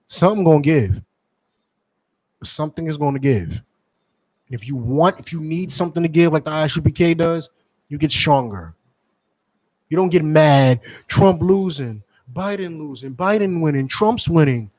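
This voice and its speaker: A man delivering a forceful sermon to his members, repeating points and asking rhetorical questions. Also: fairly high pitch, lively intonation, moderate pace, no echo, rough recording. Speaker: teacher addressing members. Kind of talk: street-preacher style sermon.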